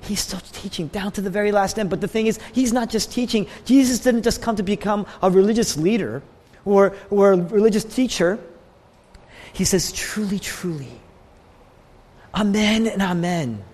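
A male pastor delivers a sermon in a church sanctuary, his voice a little higher than most men's. He speaks emphatically, pushing some phrases louder and letting others sink to a hush. A long reverb from the hall trails each phrase. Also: moderate pace. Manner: emphatic, rising and falling in pitch and loudness, sometimes dropping to a hush.

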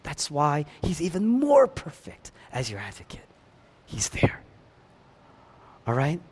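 A pastor preaching a sermon, swinging between loud emphatic lines and hushed ones, with chatty asides to the congregation. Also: male voice, fairly high pitch, wildly swooping pitch, slow, breathy edge.

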